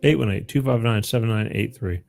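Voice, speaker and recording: A man's voice: mid-range voice, brisk, gravelly, a little mellow, soft background music. A man hosting a live call-in show, talking casually and rambling, often repeating the phone number.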